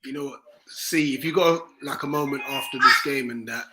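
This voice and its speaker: A man joining a casual football chat remotely, telling stories in a chatty, excitable way. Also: medium pitch, fairly quick, soft background music, poor audio. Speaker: guest on call.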